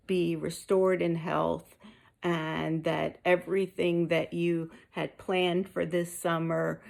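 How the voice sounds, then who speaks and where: A woman's voice: lowish voice, creaky. A woman giving a candid personal update to her viewers, mildly out of breath and tired, with frequent ums. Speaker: vlogger sharing a health update.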